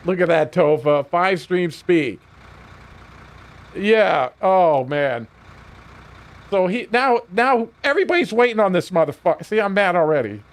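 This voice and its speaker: A man streaming a video game while telling a heated, profane story, often laughing. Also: high-pitched.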